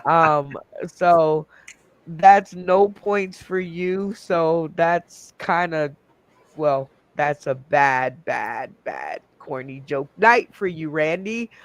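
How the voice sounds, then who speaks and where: Man, game show host, high voice, unhurried, giggly and rambling, dry sound. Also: animated, dry recording. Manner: laughs often, rambling with fillers. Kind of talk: casual comedy hosting.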